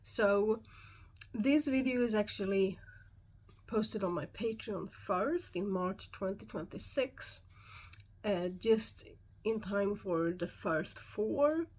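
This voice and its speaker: Swedish lady explaining stuff on her channel, slow and calm, lots of pauses, mid pitch. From Sweden. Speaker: YouTube host and shamanic practitioner. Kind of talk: solo explanatory talk to camera.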